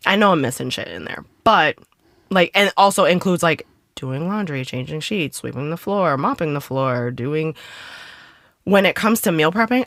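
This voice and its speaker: Podcast co-host, woman, lively swinging delivery, lowish voice, candid and unfiltered, dry close mic. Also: normal speed, no echo. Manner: candid, animated, swearing freely, laughing and emotional. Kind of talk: casual chat.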